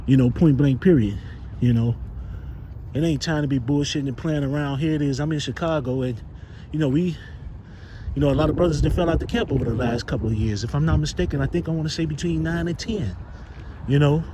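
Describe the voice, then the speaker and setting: A man's voice: a little high, brisk. A man preaching informally to his brothers, rambling and cursing as he searches for the words of scripture. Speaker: street preacher. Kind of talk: informal exhortation. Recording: noisy outdoor street recording.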